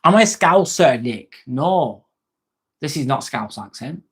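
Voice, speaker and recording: A man with a fairly high, husky voice and lively intonation hosts a casual live chat at an unhurried pace. He has an East Lancashire accent from Northwest England, and reads viewer comments while staying chummy, swearing freely and calling people mate.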